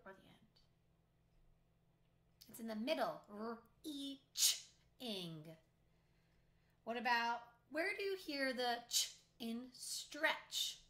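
A woman teacher leading a phonics lesson for young children, clearly sounding out words letter by letter. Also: a little high, bright, forceful tone. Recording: echoey room.

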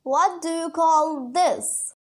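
This woman's voice is very high with a darkish tone as she teaches English vocabulary online. A native Urdu speaker, she keeps things chatty and says key words slowly again and again.

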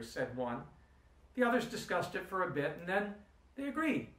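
A man's voice: on the high side, big pitch swings, moderate pace, a bit bright. A man giving a recorded lecture, telling a personal story and arguing his point earnestly with rhetorical questions. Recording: roomy room, distant mic.

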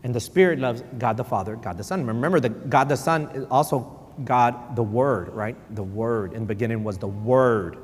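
Animated pastor preaching in a church hall. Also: male voice, medium pitch, normal speed. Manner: animated storytelling, repeats for emphasis, code-switches. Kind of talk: sermon. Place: church sanctuary.

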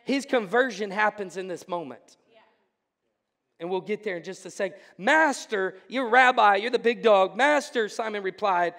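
High-pitched pastor preaching in a reverberant hall. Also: male voice, moderate pace. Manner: animated, joking, rising to fervent preaching. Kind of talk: sermon. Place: church sanctuary. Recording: church hall with long reverb.

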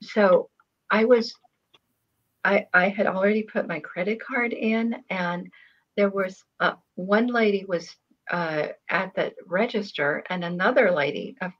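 Her voice medium-pitched and unhurried on dull-sounding audio, an older woman chats casually. Her storytelling is rambling and hesitant, with fillers and false starts.

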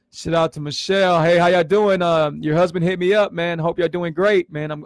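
A man's voice: on the high side, creaky, no room sound, clean studio sound. A man in his forties talking in a casual livestream, earnest and emotional, who repeats himself and stumbles over his words. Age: 40s. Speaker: vlogger sharing his health story on a livestream.

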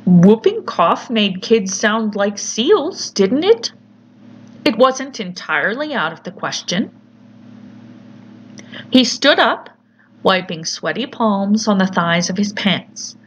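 Slow, deliberate woman narrating horror. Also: medium pitch, very animated. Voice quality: measured, deliberate storytelling. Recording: slightly muffled with faint hiss.

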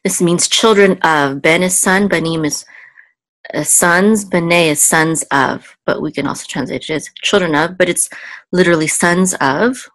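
Patient female language teacher, low voice, dry close sound, sounds out syllables slowly. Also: fairly bright tone, dry recording. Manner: patient, spells out sounds slowly, thinks aloud with ums. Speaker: Hebrew teacher. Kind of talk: casual step-by-step lesson.

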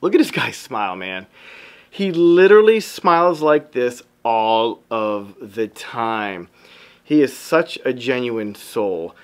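A man's voice: medium pitch, expressive, slow pace. A man who works as a photographer, giving an upbeat motivational talk to his viewers and calling them y'all. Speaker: photographer and vlogger.

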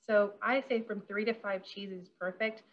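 A woman's voice: mid-range voice, steady tone, moderate pace, lo-fi sound. Bubbly, giggly woman caterer demonstrating. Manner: bubbly and chatty, giggling often. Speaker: caterer leading a workshop. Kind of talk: casual hands-on demonstration.

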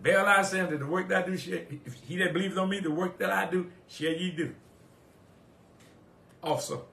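A male preacher, delivering a sermon. He repeats his phrases and quotes scripture in old wording, swinging from quiet reflection to loud, rising exhortation. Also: sits high, steady tone, brisk, vocal fry. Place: church sanctuary. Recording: echoey church room.

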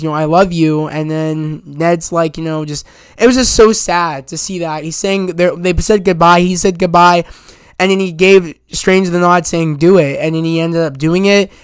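Higher-voiced man retelling a film. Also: clean tone, no echo, clean studio sound. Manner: eager, rambling retelling of scenes with quoted dialogue. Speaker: film reviewer. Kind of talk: casual spoiler review.

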